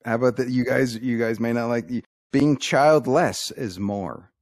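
A man runs through a string of corny one-liners on a casual podcast and delivers them deadpan. His voice sits at a middle pitch, and the sound is close and dry with no room echo. He keeps nudging his listeners to laugh. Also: a little slow. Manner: deadpan joke delivery, coaxing laughs with "come on". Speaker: podcast co-host telling jokes.

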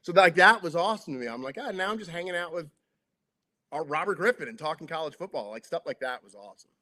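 A man's voice: a little high, fast. A middle-aged man, a sports broadcaster, telling locker-room stories in a casual chat, acting out the quotes and using lots of filler words. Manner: lively storyteller acting out quotes, many "like" fillers. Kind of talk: casual anecdotal storytelling.

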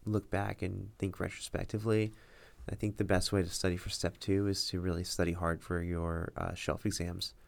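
A young man being interviewed as a guest on a podcast, speaking in a measured, hesitant way with many fillers. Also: sits low, little pitch movement, creaky. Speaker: podcast guest, incoming resident physician. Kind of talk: casual interview talk.

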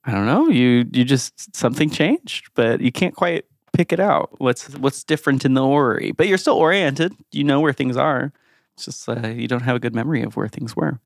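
A man's voice: mid-range voice, moderate pace, creaky, no echo, clean studio sound. A man narrating as game master, playful and laughing often, with frequent trailing restarts.

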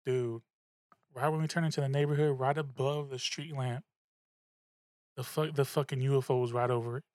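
Young man, mid-pitched voice, casual and profane storyteller, no room echo. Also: moderate pace, clean studio sound. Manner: animated, profane, repeats himself. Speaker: podcast host.

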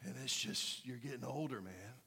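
Storytelling pastor in an echoing church hall. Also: male voice, medium pitch, moderate pace, creaky, pushed and bright. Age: 30s. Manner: storytelling, conversational, self-deprecating humor. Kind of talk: sermon. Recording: long hall reverb.

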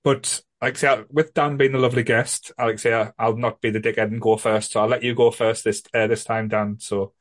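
A man's voice: mid-range voice, level tone, fairly quick, few pauses. A man with a Northern English accent hosting a podcast, joking, laughing often and steering the chat. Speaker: podcast host. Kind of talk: casual chat.

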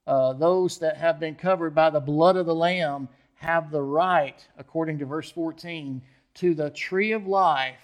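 A man preaching an expository sermon as pastor, often asking the listeners questions and checking in with them. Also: fairly high pitch.

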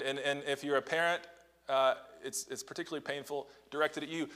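In a church sanctuary with a large-hall sound, a male pastor gives a Sunday morning sermon in a medium-pitched, slightly bright voice at a fairly quick pace. He sounds conversational rather than formal, sprinkling in rhetorical questions and slowing down on key lines so they land.

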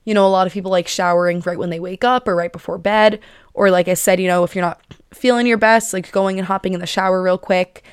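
A woman's voice: fairly low pitch, steady tone, fast talker, clean tone, no room sound. A bubbly young woman in her twenties hosting her own podcast, chatting with lots of fillers and little giggles. She sounds slightly out of breath. The sound is dry and close to the mic. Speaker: podcast host. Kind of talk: casual chat.

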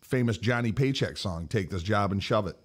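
A man co-hosting a live podcast, easygoing and quick to laugh, often stumbling into restarts mid-sentence. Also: lowish voice. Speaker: podcast co-host. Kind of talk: casual live podcast chat.

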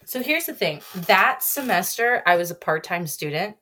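A woman's voice: fairly low pitch, moderate pace. A young woman, a stage actress, chatting as a podcast guest and telling stories with quoted asides. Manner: animated storytelling with quoted asides. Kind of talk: casual chat.

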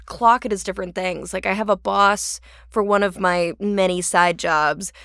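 A woman's voice: medium pitch, normal speed, no echo, studio quality. A woman from Orange County, an actor guest on a podcast, telling stories in a bubbly way and laughing often. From Orange County, California. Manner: bubbly, laughs a lot, animated storytelling. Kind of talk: casual podcast chat.

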